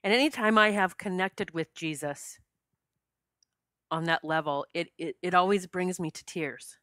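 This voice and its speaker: A woman's voice: fairly low pitch, measured pace, fairly bright tone, no echo, studio quality. A middle-aged woman hosting a podcast, telling a personal spiritual story with heartfelt emotion that chokes her up. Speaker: podcast host.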